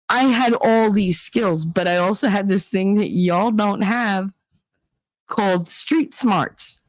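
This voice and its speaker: Animated middle-aged woman vlogger. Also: medium pitch, takes it slowly, no room sound, rough recording. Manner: animated storytelling, acting out quotes. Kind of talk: casual monologue vlog.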